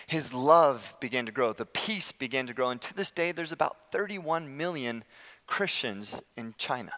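A man preaching a sermon as pastor, impassioned, swinging from loud declarations to hushed, slow appeals. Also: mid-range voice, lively intonation, in a large hall.

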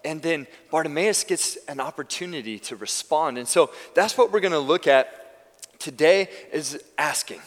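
With a slightly high voice, a male pastor preaches animatedly at normal speed in a church sanctuary, his words carrying a long reverb tail. The sermon is conversational, with frequent sentence restarts.

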